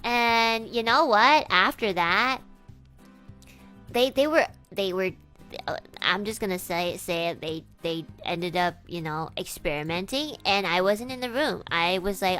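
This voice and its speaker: A young woman telling a personal story to a live audience, rambling and animated, full of fillers and restarts, jumping from hushed asides to loud outbursts. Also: medium pitch, measured pace, soft background music. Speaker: streamer.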